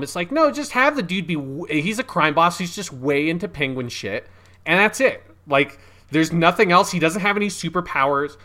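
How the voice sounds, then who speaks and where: Bright-voiced chatty man. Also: fairly high pitch. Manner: relaxed, chatty, many fillers and swearing. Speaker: podcast co-host. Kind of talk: casual film discussion.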